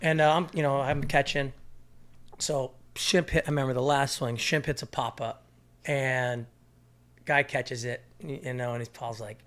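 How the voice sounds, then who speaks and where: A man in his thirties telling a lively story as a podcast guest, often breaking into laughter. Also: mid-range voice, moderate pace. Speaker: podcast guest, former college catcher. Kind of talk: casual storytelling chat.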